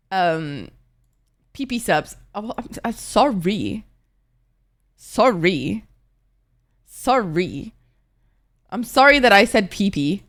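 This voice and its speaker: Young woman streamer, tired and congested, dramatic and sweary chat with viewers, mid pitch. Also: animated, slow, long pauses, fairly bright tone. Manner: chatty, dramatic, swears a lot.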